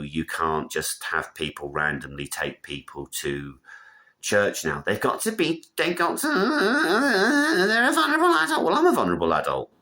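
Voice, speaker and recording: A man's voice: deep voice, fairly bright tone. A man delivering a blunt, opinionated monologue that wanders from point to point. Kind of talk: casual rambling monologue.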